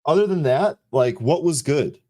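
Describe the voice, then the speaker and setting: A man's voice: a little high, expressive, normal speed, darkish tone. A man co-hosting a live trading show, chatting casually in a weary, complaining way. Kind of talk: casual chat.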